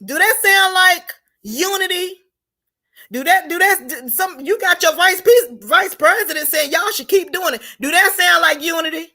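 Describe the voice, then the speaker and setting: A woman's high, bright voice carries an unscripted political commentary monologue. She talks emphatically and preachily, hammering her viewers with rhetorical questions. On the points she cares about most, her voice climbs into shouting. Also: lively intonation, a little slow. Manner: rises to shouts on key points.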